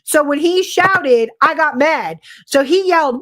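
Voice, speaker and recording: A woman's voice: sits high, expressive, a bit bright. A woman co-hosting a live podcast in casual chat, teasing her partner and jumping in often. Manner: teasing, laughing, quick to interject. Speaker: podcast co-host.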